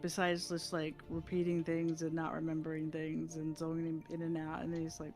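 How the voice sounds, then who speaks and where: A woman's voice: low-pitched, monotone, fairly quick, few pauses, a little mellow, faint music behind. A woman livestreamer chatting casually, telling a story with lots of laughs and acted-out voices. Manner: chatty, laughing, acts out voices in her anecdotes.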